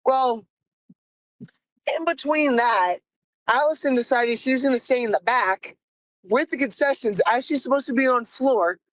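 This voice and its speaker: High-pitched young woman, exasperated storyteller. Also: normal speed, pauses often, no echo, rough recording. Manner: animated, exasperated, swears freely. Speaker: podcast host. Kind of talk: comic first-person storytelling.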